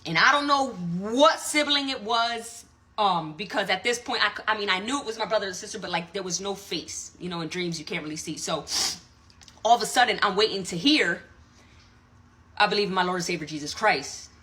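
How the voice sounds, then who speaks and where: A woman's voice: medium pitch, brisk, sharp tone. A woman telling an earnest, rambling story-time tale in casual chat, swearing freely. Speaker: social media storyteller.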